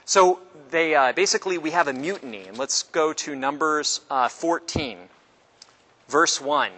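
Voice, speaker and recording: Animated and unhurried, with a pushed, bright voice, a man delivers a casual Bible class lecture in a conversational style. He poses questions to the group and dramatizes quotes with sudden pitch shifts.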